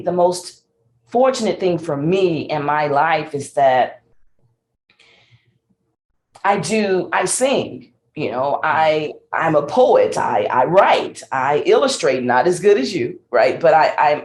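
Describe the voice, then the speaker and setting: Woman, middle-aged, Southern accent, animated storyteller, lowish voice, echoey room. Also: unhurried. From Mississippi. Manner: animated storyteller who laughs often and acts out voices. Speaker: guest, singer and speaker. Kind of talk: storytelling interview.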